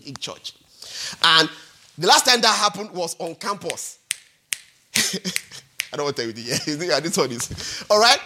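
A man in his forties preaching a sermon as pastor, animated and repetitive, often checking in with the congregation. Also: high voice, slightly rough. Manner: animated, repetitive, peppered with "all right?" and "hallelujah".

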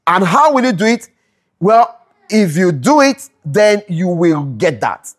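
This Bible study teacher speaks slowly in a very animated, mid-range voice. Explaining scripture, they ask and repeat rhetorical questions for emphasis, check in often with "all right?", and revise sentences as they speak.

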